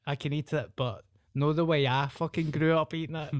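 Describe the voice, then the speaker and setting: A man's voice: a little high, steady tone, brisk, clean tone, dry recording. Sweary Glasgow man, dry close mic. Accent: Scottish, Glasgow. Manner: sweary, laughing, self-mocking banter. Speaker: podcast host. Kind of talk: casual podcast chat.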